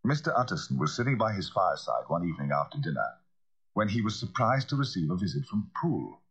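A man narrating a classic novel as an audiobook, in a measured, grave way. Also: low-pitched, very animated, breathy edge, lo-fi sound.

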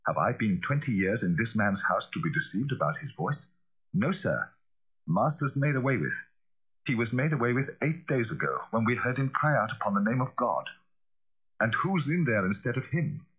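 A man's voice: medium pitch, big pitch swings, normal speed, a bit bright, husky, dull audio, pitched above the performer's own voice. A man voicing an anxious old butler who talks in a fearful, pleading way.

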